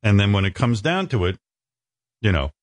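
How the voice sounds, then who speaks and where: Male talk-radio host, fairly deep and very animated delivery, sarcastic and profane, dry close-miked studio sound. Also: normal speed, no echo. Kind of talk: casual talk radio banter.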